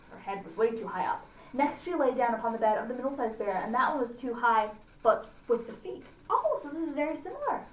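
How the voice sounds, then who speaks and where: A woman at a library reading a fairy tale aloud to children, pausing to comment and ask them questions. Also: a little high, a little hiss or hum. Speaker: library storyteller. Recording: roomy, distant mic, faint ambience.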